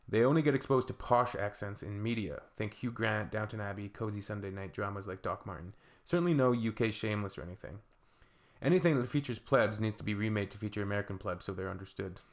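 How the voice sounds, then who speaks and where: A Canadian man reads viewer comments aloud, his low voice gravelly with fry. He breaks in with dry, sarcastic asides in a Canadian accent. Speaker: reaction video host.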